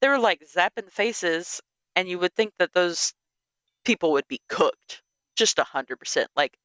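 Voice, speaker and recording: A woman co-hosting a podcast in casual review chat, animated and exclamatory, leaning on "like" as she talks. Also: fairly low pitch, unhurried, no room sound. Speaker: podcast co-host.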